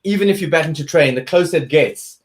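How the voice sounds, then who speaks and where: A man's voice: a little high, fast, a little hiss or hum. Man, interview guest, earnest storytelling, restarts sentences. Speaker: guest, athlete and speaker.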